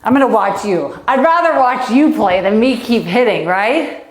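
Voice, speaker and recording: Female tennis coach, slightly high voice, out of breath, upbeat and encouraging, echoey room. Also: animated, moderate pace, slight background noise. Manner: encouraging, coaching while hitting and counting. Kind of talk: live online kids' tennis lesson.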